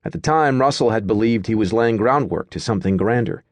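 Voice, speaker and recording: Low-voiced male audiobook narrator. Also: animated, a little fast, no room sound. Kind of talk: scripted narration.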